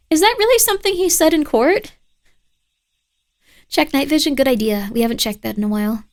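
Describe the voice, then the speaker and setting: A woman's voice: high voice, fairly quick, pauses often. A woman streaming a game live, chatting playfully, scolding her pet and bantering with her viewers as she plays. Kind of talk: casual live-stream gameplay commentary.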